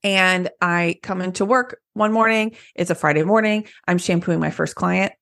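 A woman's voice: on the low side, moderate pace, creaky, a bit bright. A young woman co-hosting a casual podcast, chatting and laughing along with her co-host. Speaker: podcast co-host, salon owner. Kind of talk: casual chat.

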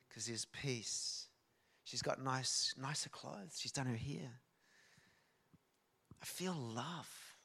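A man, a guest preacher telling a story in a sermon, animated and swinging from soft to loud. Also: on the high side, creaky.

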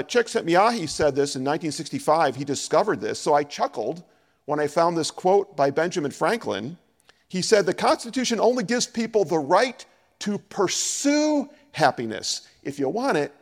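A man preaching a sermon as a pastor, animated and acting out scripture dialogue. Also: high voice, creaky, long reverb tail.

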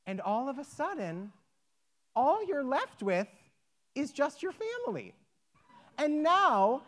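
A woman telling a folk tale to children, animated and inviting them to join in. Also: high voice, takes it slowly, long pauses. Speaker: storyteller leading children. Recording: echoey hall.

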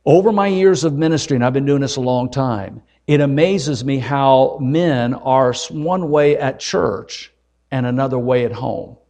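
A man's voice: medium pitch, measured pace, dark tone. An older man, an evangelist, preaching a folksy, joking and emphatic sermon.

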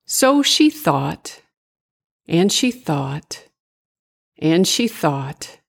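An older woman narrating a children's bedtime story in a gentle, singsong way. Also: deep voice, big pitch swings, extremely slow, creaky, pauses often.

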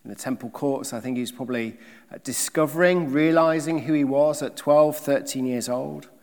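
A man preaching a sermon, emphatic, with rhetorical questions and swings between loud and soft delivery. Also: mid-range voice, normal speed, big-room sound.

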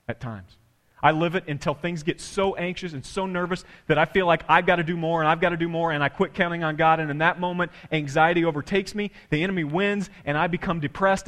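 A man's voice: high-pitched, fairly bright tone. A man preaching a sermon as pastor, impassioned and repetitive, often restarting his phrases. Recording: long church reverb.

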